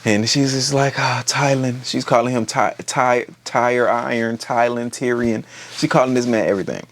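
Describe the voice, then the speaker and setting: A man's voice: medium pitch, moderate pace, a little hiss or hum. A man giving a casual, gossipy and profane episode recap, full of slang. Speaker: TV show reviewer.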